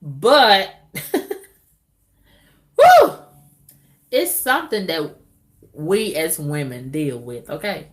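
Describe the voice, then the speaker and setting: Drawling animated woman talking to camera. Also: low voice, slow. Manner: drawling, animated, loud whoops and exclamations. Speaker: vlogger. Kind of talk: candid casual monologue to viewers.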